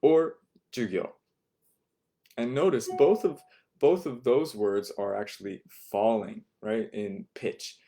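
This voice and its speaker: A man's voice: medium pitch, slow pace, warm tone. A man teaching an online Japanese vocabulary lesson from home, patiently repeating each word for his students. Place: home, not a classroom.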